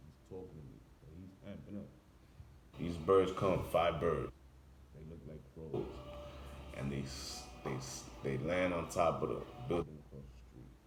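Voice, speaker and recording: In an echoey room with noise in the background, a barber with a deep voice tells an intense story from his own life. His casual monologue is emphatic, growing louder and then quieter.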